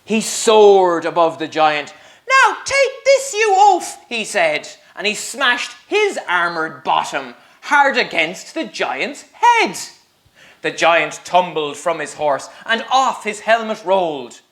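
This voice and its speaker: A man's voice: sits high, big pitch swings, takes it slowly, fairly bright tone. A male teacher reading a storybook aloud to young children, sing-song and full of questions for them. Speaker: primary school teacher.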